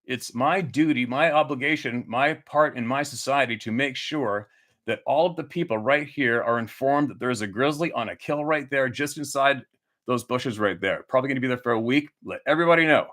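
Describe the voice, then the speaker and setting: A man's voice: medium pitch, brisk, a bit bright. A man hosting his own channel, delivering an angry, profane monologue full of restarts and rhetorical questions. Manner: heated, profane, repetitive ranting. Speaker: channel host.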